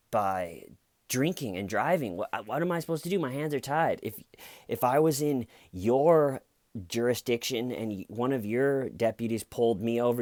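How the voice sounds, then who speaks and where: A man voicing a firm, insistent male highway patrol officer in a comic retelling. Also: a little mellow, no room sound, studio quality, lightly acted.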